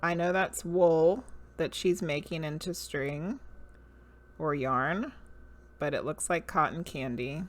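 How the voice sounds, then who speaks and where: A woman streamer with a Southern US accent speaks slowly in a low voice. On her livestream she muses over cards, reads their names out loud and chats casually with her viewers.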